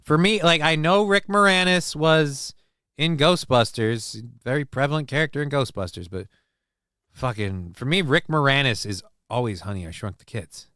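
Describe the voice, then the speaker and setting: A man's voice: mid-range voice, moderate pace, pushed and bright, smooth, dry recording, studio quality. A man hosting a casual livestream, rambling, swearing freely and poking fun at himself while reading chat. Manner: rambling, profane, self-mocking. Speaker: livestream host.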